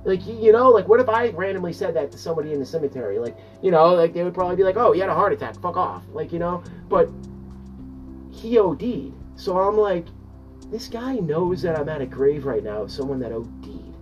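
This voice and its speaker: A storyteller recounts events in a loose, animated way, pitch swinging widely and full of curses and restarts. The voice sounds a little distant from the mic. Faint guitar music plays behind. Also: brisk, lo-fi sound. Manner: animated, profane, rambling with restarts. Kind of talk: casual personal storytelling.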